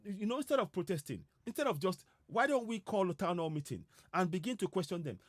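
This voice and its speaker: A man's voice: high-pitched, sing-song, a little fast, few pauses, no room sound, clean studio sound. Urgent man, exhorting listeners. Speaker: political commentator. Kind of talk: impassioned broadcast address.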